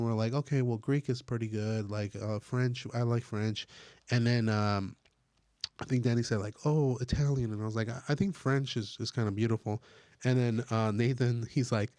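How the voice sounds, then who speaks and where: A man's voice: medium pitch, a little mellow, dry recording. Male podcast host, chatty and rambling, recorded dry and close. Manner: rambling storyteller with fillers. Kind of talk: casual chat.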